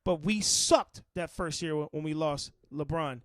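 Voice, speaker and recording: A man co-hosting a casual sports podcast, insistent and loud when arguing, swearing freely. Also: fairly high pitch, a little slow, no echo, clean studio sound. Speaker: podcast co-host.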